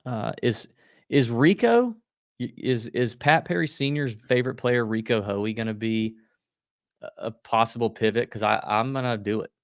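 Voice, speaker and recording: A man co-hosting a golf betting podcast, talking in a quick, loose, joking way. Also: mid-range voice, no echo, clean studio sound. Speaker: podcast co-host. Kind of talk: casual golf betting chat.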